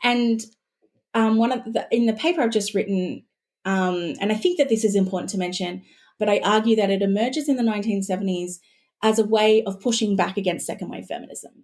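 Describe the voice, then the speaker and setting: A woman's voice: medium pitch, brisk, a little mellow. A woman, a historian and podcast guest, explaining her research eagerly and thinking aloud as she talks. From Australia. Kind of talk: podcast conversation.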